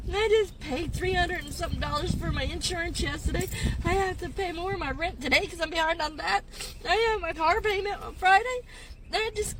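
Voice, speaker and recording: A woman in her fifties, tearful and distraught, venting in a rambling way to her phone from inside her car. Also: very high-pitched. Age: 50s. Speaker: gig delivery driver.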